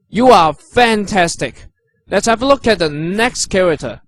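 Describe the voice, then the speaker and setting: A man teaching characters and their pronunciation, patient and encouraging, repeating each sound slowly. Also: high voice, expressive, fairly bright tone, dry recording. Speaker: language teacher. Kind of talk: instructional narration.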